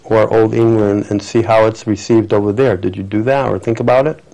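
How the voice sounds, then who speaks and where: Halting man hosting an interview. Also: on the low side, fairly even intonation, vocal fry, mellow, low-quality recording. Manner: halting, rambling questions with many restarts. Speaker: interviewer host. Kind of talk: public-access TV interview.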